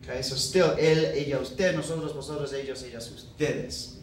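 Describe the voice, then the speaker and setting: A man's voice: mid-range voice, fairly even intonation, a little fast. Patient male teacher in an echoey room. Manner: patient, explains step by step with fillers. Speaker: Spanish teacher. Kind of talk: recorded classroom lecture. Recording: echoey room, voice far from mic, faint hiss.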